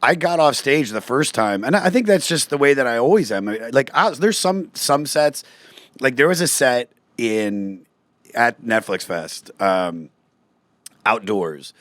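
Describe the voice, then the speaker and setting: A man's voice: on the low side, dry recording. A man, a comedian, chatting on a podcast and acting out quoted lines in a raised voice. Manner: animated storytelling, acts out quotes in a raised voice. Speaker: guest comedian. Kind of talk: casual podcast chat.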